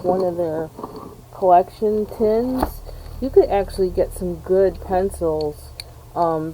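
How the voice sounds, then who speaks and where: American lady rambling thru an unboxing, lots of ums, warm mellow voice, bit of hiss behind. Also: medium pitch, rough recording. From New York State. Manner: rambling, frequent ums, self-deprecating asides. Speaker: vlogger unboxing art supplies. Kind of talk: rambling casual chat.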